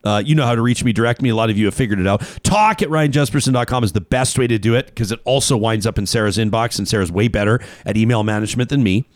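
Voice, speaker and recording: A man's voice: fairly low pitch, fast talker, hardly any pauses, no echo. A man hosting a talk show, chatting casually and joking, with frequent laughs and read-out sponsor spots. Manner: animated, jokey, laughs often. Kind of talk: casual talk radio chat.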